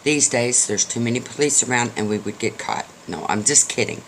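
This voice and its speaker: A man's voice: medium pitch, fairly quick, fairly bright tone, slight background noise. Folksy older man telling a story. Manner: folksy, joking, chatty. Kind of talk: casual storytelling.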